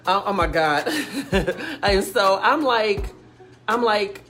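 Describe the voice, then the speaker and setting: A woman's voice: medium pitch, big pitch swings, slow, fairly bright tone. A woman chatting casually to her livestream viewers, rambling through a story with many fillers and restarts. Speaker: livestream host telling a story. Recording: music playing in the background.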